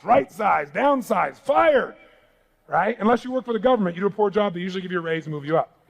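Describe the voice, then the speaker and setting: A man with a high, gravelly voice delivers a motivational seminar speech on stage. He talks emphatically and keeps pulling the crowd in with call-and-response questions. His rough, grainy tone carries through every phrase. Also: rough recording. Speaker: motivational speaker. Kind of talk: live seminar speech to an audience. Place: large seminar hall.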